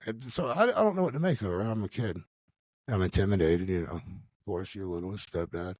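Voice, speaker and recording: A man guesting on a podcast, telling a personal story in an animated, slangy way, calling the listener dude and bro. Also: sits low, quick pace, dry recording. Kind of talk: casual storytelling.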